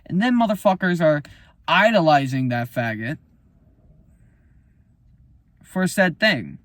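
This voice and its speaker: A man with a somewhat high voice delivers a casual, unscripted monologue as a musician talking about his album. He rants in a profane, heated way, and his pitch swings widely. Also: sing-song, takes it slowly, a bit bright, dry recording.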